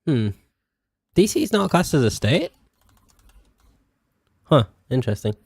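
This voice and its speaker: A man's voice: fairly high pitch, wildly swooping pitch, a little slow, vocal fry, a little mellow, slightly rough, no room sound, studio quality. A young British man streaming a game in casual chat, self-mocking and sweary, stretching out words as he tries to spell them. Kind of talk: casual live-stream chat while playing.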